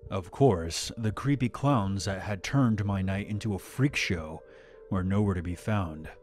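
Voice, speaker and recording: Low-voiced man narrating a horror story. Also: a little slow, a little mellow, faint music behind.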